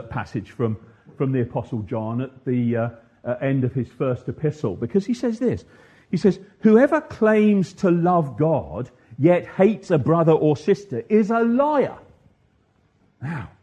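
Preacher, husky and fairly high-voiced, leading a sermon and asking the congregation questions. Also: male voice, dark tone, highs cut off. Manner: asks the congregation questions, pauses with ums; slows and stresses quoted verses. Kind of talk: interactive Sunday sermon. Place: church.

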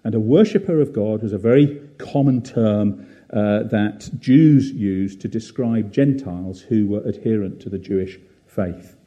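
A man preaching a gentle, reflective sermon at a church service, with frequent fillers and pauses. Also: on the low side, muffled recording.

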